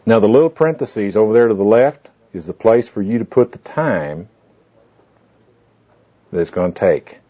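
This man's fairly low, dark and slightly rough voice is animated, moving at normal speed with long pauses. He guides a small group through a goal-setting handout in folksy, rambling classroom talk full of fillers, asides and anecdotes, captured on dull lo-fi tape.

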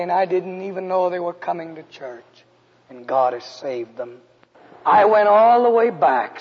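Gravelly high-voiced man preaching in echoing hall. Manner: swings from loud to hushed. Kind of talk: sermon testimony. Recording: dull lo-fi recording with long hall reverb.

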